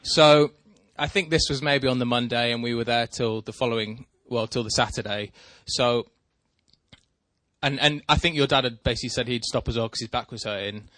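A man's mid-range voice, moderate in pace, comes through a dry recording. He tells a meandering, self-deprecating story during casual banter with his co-host, turning animated when excited.

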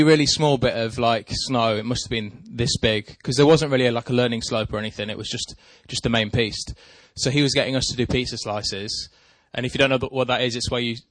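A man's voice: medium pitch, dry recording. A man telling a rambling, self-deprecating story in casual chat with a co-host. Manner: rambling, self-deprecating, animated when excited.

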